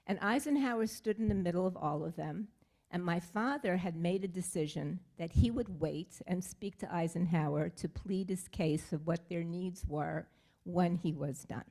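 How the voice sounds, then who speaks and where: An older woman with a fairly low voice tells a family story from the front of a synagogue sanctuary. She speaks in a heartfelt, halting way, pausing often and using fillers as she goes. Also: creaky, mellow. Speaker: congregant sharing a family story. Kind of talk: personal storytelling at a service.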